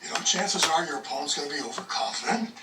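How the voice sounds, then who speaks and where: A man's voice: on the high side, animated, quick pace, lightly acted. An actor playing a blustery, self-assured older father in a sitcom, heard through a TV playing in an echoey room. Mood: bossy. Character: gruff older father, a cocky sore loser. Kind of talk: sitcom acting. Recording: TV audio in an echoey room, distant and slightly noisy.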